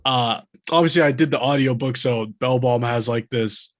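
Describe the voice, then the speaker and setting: A man's voice: medium pitch, moderate pace. A man co-hosting a podcast, talking about a book in a casual, rambling and enthusiastic way, often laughing. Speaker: podcast co-host.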